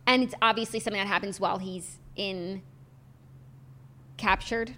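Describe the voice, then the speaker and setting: A young adult woman co-hosting a podcast in casual chat, rambling and animated with lots of fillers. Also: medium pitch, normal speed. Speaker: podcast co-host.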